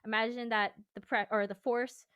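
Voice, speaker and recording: A woman's voice: on the high side, little pitch movement, normal speed, a bit bright, clean tone, no echo. A woman vocal coach giving a casual singing lesson, explaining exercises in a chatty, rambling way.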